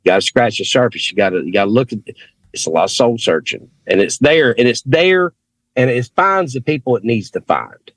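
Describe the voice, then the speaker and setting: A man's voice: mid-range voice, animated, brisk, no room sound. A man with a thick Southern accent, a rock singer talking earnestly and emphatically on a video call as a guest. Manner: earnest, emphatic, repeats himself for stress. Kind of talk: casual conversation on a video call.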